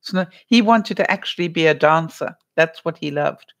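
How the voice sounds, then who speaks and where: A woman's voice: low voice, normal speed. Middle-aged woman giving earnest advice. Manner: earnest, with frequent restarts and "you know". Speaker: advice vlogger. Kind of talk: casual advice talk to viewers.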